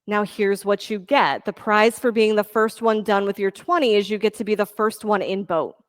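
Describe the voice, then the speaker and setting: A woman teaching a yoga class, giving steady counting cues and encouraging her students. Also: medium pitch, normal speed, no echo, studio quality. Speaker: yoga instructor. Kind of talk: leading a live yoga class.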